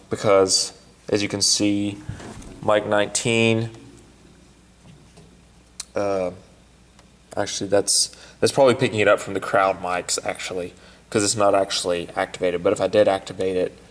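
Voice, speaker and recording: A man walking through a sound mixing desk step by step, in a halting way with many fillers and restarts. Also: low voice, long reverb tail. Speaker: sound technician. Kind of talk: instructional walkthrough. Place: church sound booth.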